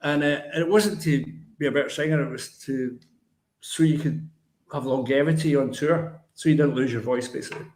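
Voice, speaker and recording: An older man with a Lanarkshire Scottish accent, a musician telling animated stories as a guest in a casual chat. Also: a little high, fairly quick. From Lanarkshire, Scotland. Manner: animated storyteller, acts out others' voices. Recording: roomy echo.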